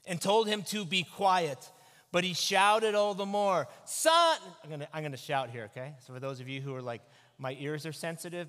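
Forceful pastor preaching in an echoey hall. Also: male voice, a little high. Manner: animated, conversational preaching. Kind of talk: sermon. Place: church sanctuary. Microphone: microphone.

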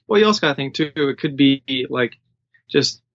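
A man's voice: mid-range voice, animated, moderate pace, fairly bright tone, dry recording, lo-fi sound. A man who coaches runners, talking casually and rambling with lots of "you know" fillers. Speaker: running coach. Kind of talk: casual podcast conversation.

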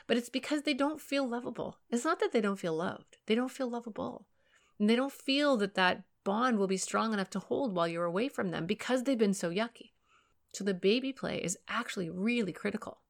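A woman's voice: fairly high pitch, animated, fairly quick, gravelly. A woman parenting educator speaking on a podcast, telling stories with acted-out voices and giving earnest, emphatic advice. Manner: earnest storyteller, acts out quoted voices. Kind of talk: podcast talk.

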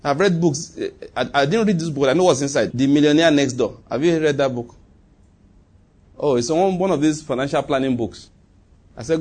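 A man preaching a sermon, emphatic and repetitive, swinging between loud bursts and quiet asides. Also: a little high, moderate pace. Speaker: pastor.

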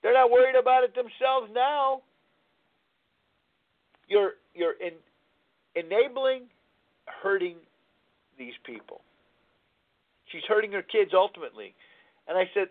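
A man's voice: high-pitched, lively intonation, a little slow, long pauses. A man hosting a recovery talk radio show, telling a story in a rambling way and searching aloud for words, heard over a tinny phone-like line. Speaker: radio host.

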